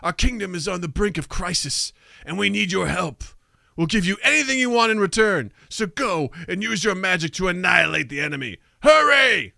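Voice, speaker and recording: A pompous, indignant old minister, as a man plays him in a comedic anime parody. He talks in a raised, bright, huffy way and barks bossy orders. The sound is dry. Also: high voice, expressive, normal speed, creaky, no room sound, exaggerated voice. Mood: pleading.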